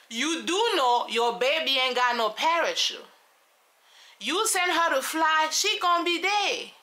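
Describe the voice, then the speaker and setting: A woman giving sassy, animated commentary on a reality show, talking straight to her viewers. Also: a little high. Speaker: show reviewer.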